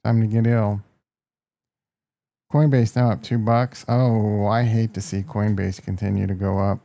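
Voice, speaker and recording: A man's voice: on the low side, level tone, a little slow, vocal fry, dark tone. A man with a Midwestern American accent hosting a casual live stock market stream, brash and joking as he reacts to prices and talks to his chat. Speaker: market livestream host.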